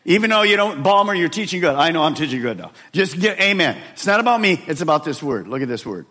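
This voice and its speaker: A middle-aged pastor preaches with a lively, swooping delivery, dropping to near hushes and then rising to shouts. His voice is bright and fairly high for a man, and it rings out through a large church hall with a long reverb. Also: fast. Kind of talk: sermon.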